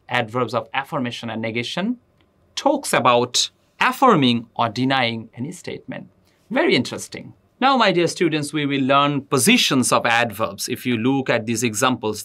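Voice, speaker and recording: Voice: medium pitch, fairly bright tone. A teacher giving a grammar lesson, addressing students directly and repeating example sentences with emphasis. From Bangladesh. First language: Bengali.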